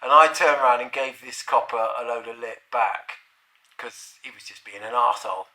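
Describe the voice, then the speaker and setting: Guy, middle-aged, rambling sweary storyteller, kinda echoey room, mid-pitched voice. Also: moderate pace, bright, forceful tone. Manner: rambling, profane, chuckling. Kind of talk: casual anecdote. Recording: roomy echo.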